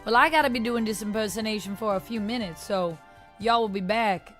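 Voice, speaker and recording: A woman's voice: mid-range voice, brisk, a bit bright, soft background music, natural voice. A woman doing a Cajun Gambit drawl. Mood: playful swagger. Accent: Cajun, put on. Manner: drawling, playful, ungrammatical "be" speech. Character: swaggering Cajun male thief turned hero. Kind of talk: livestream impression.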